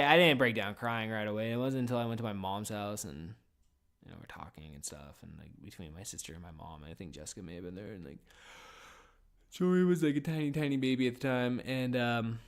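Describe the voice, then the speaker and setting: A man's voice: mid-range voice, expressive, brisk, clean tone. A man in his thirties hosting a casual podcast from a small office, rambling and swearing freely with lots of fillers. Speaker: podcast host.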